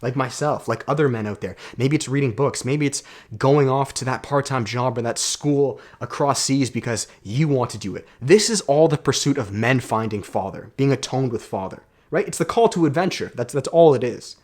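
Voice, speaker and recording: A man's voice: mid-range voice, moderate pace. A young man delivers a self-help monologue with an emphatic, coaching drive. He talks casually, swears now and then, and keeps checking in with "right?". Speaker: self-development YouTuber. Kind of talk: motivational monologue.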